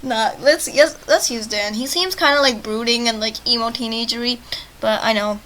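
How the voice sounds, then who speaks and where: A young woman reading a text game aloud and commenting on it in a chatty, sarcastic way, with loud outbursts. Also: fairly high pitch, normal speed, rough recording. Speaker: let's play gamer.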